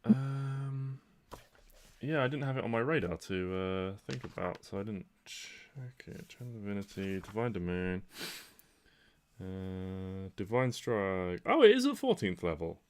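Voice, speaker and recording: Casting note: deep, gravelly man talking through his turn, halting and full of fillers. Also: very animated. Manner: hesitant, casual, many fillers. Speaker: player. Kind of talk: tabletop game play.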